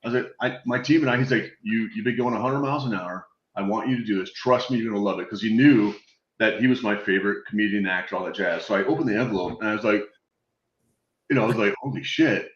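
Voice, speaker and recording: A man on a video call telling animated, swear-laced anecdotes in a casual chat, acting out the voices of the people in his stories. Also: fairly low pitch, quick pace, reverberant, dull audio. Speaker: guest telling war stories.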